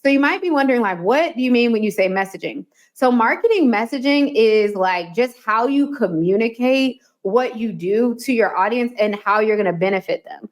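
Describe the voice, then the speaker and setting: A woman hosting a solo business coaching podcast, talking in a chatty, animated way and acting out little quotes. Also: fairly high pitch, normal speed, few pauses. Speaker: podcast host.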